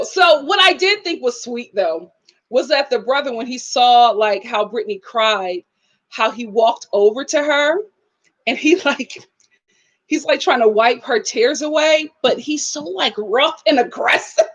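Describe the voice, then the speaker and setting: A young woman casually reviewing a reality TV episode, animated and sassy, often laughing and acting out what people said. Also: high voice, measured pace. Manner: animated, laughing, acts out quotes, sassy asides. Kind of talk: casual live review chat.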